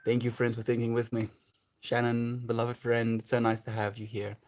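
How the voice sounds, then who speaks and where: A man's voice: medium pitch, monotone, normal speed, a little mellow. A man chatting casually on a livestream, reflective and earnest, laughing often as he answers his chat.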